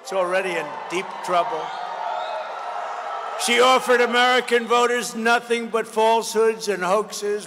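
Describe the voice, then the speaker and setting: A man's voice: high voice, unhurried, long pauses, a bit bright. Combative older man speaking at a rally. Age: 70s. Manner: combative, repetitive, riffing off the crowd. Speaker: political candidate. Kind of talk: campaign rally speech. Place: large indoor expo hall. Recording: long reverb in a big hall, faint noise.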